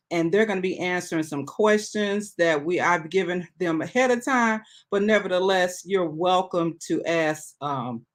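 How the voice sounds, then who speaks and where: A middle-aged woman hosting her own live-stream talk show, chatting casually and greeting viewers by reading their comments aloud. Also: on the low side.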